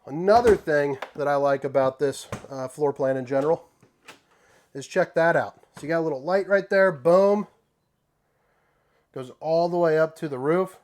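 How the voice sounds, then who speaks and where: A man hosting a casual walkthrough tour inside an RV, talking in a folksy, joking way with relaxed slang. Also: a little high, moderate pace, a little hiss or hum. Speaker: RV tour host.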